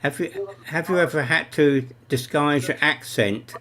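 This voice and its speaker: Halting man asking a question. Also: a little high, bright, forceful tone. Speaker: channel host. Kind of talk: casual video call questions. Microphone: video call.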